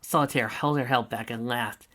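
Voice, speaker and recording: Bright-voiced man reading a story aloud. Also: mid-range voice, moderate pace. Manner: energetic, playful asides. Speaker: fan fiction reader. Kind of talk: reading fan fiction aloud with casual asides.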